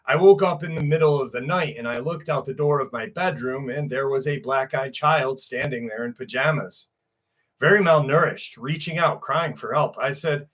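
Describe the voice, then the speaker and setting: A man's voice: mid-range voice, moderate pace, a bit bright. A man hosting a casual livestream, joking crudely and greeting chatters by name. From New York. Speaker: livestream host.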